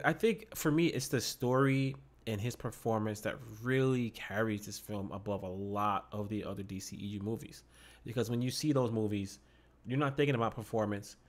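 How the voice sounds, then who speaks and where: A man co-hosting a podcast, chatting casually about a film, excitable and often repeating words as he goes. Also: on the low side, normal speed. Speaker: podcast co-host. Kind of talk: casual movie review chat. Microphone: podcast microphone.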